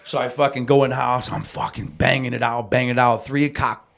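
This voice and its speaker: A man hosts a podcast in an easygoing middle-pitched voice. He tells a story in rambling, profane slang with plenty of animation. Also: fairly even intonation, quick pace, vocal fry, fairly bright tone. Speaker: podcast host. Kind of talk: casual storytelling.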